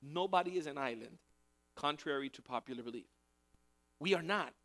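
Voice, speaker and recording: Man, pastor, sermon, slightly high pitch, conversational, repeats phrases for emphasis. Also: expressive, normal speed, fairly bright tone. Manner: conversational preaching with emphatic repetition.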